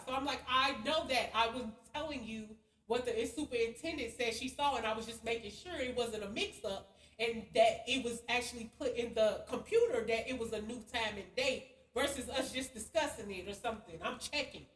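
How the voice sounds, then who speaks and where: A woman's voice: on the high side, normal speed, a bit bright. A young woman, telling a heated story in a blunt, profane, casual rant. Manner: blunt, heavy cursing, heated. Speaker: spiritual vlogger. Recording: echoey room, far from the mic, faint hiss.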